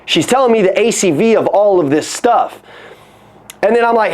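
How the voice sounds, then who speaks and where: Sales coach, male, high voice, energetic, swears, acts out dialogue. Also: a little fast. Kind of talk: coaching talk on a call.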